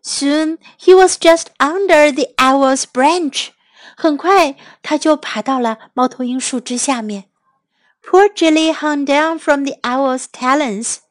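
A woman teacher reading a children's story aloud in two languages, clear and expressive. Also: high-pitched, no echo. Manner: clear, expressive, slow English then Chinese.

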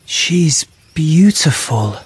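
A man's voice: a little high, big pitch swings, very slow, husky, no room sound, voice pushed up, heavily acted. A man voicing Ferdinand, an earnest, lovestruck young prince, for a storybook reading. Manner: earnest, emotive.

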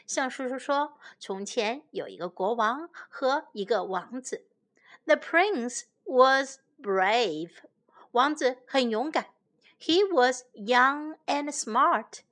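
A woman who teaches English to children, reading a storybook aloud in two languages in a slow, careful, gentle way. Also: fairly high pitch.

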